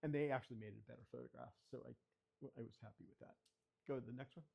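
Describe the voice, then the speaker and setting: Speaking very fast in a creaky, slightly mellow voice of medium pitch, this older man keeps a steady tone. He's a photographer visiting as a guest speaker in a children's library area, spinning stories as he shows a club his work and asks for the next slide each time.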